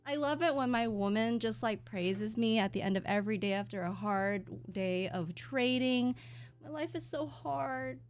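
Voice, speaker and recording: A young woman chats playfully and teases her partner on a livestream. Her voice is high. Faint music plays in the background. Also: normal speed. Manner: playful, teasing. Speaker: streamer and host's partner. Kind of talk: casual livestream banter.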